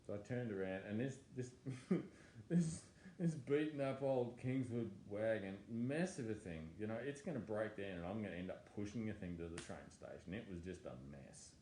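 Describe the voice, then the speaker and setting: A man telling a personal testimony, animated and stammering as he acts out his own thoughts. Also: on the low side, moderate pace, a little hiss or hum. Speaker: testimony speaker. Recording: echoey room with faint ambience.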